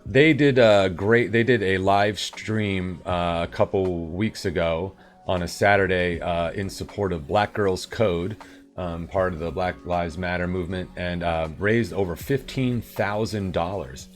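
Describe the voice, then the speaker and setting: A man's voice: deep voice, unhurried, faint music behind. A man live-streaming and chatting casually with viewers, rambling and upbeat in his morning voice. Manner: rambling and upbeat, with sudden loud bursts.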